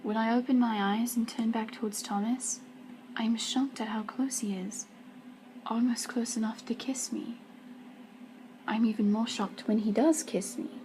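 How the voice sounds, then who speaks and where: A woman reads a first-person romance story aloud. Her voice is soft and mellow and often drops to a half-whisper, with faint noise in the background. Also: on the high side, fairly even intonation, normal speed, low-quality recording. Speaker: student reader.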